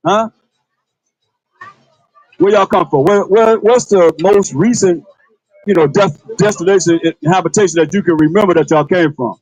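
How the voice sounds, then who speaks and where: Male priest, husky, fairly high voice, dry close sound, conversational sermon, repeats himself, rhetorical questions. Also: moderate pace, pauses often, a little mellow, no room sound, poor audio. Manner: colloquial, calls on a reader to read. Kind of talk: livestreamed sermon.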